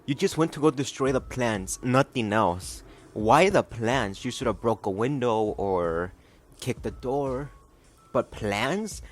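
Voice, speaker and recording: A man's voice: mid-range voice, expressive, slow pace. A man hosting a reaction video, making mocking, exasperated comments in a casual way.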